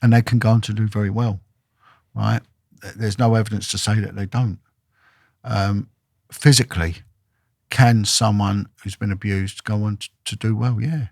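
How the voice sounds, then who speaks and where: Brief: ex-detective man, podcast guest, blunt emphatic delivery with a gravelly edge, dry recording. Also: fairly low pitch, fairly even intonation, normal speed, a little mellow, dry recording. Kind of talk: storytelling in a podcast interview.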